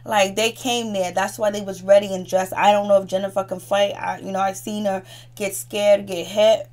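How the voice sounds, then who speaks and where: A woman's voice: mid-range voice, little pitch movement, normal speed, a little mellow. A woman giving a casual, gossipy recap of a reality TV episode, talking in a chatty way with frequent restarts. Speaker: TV recap host.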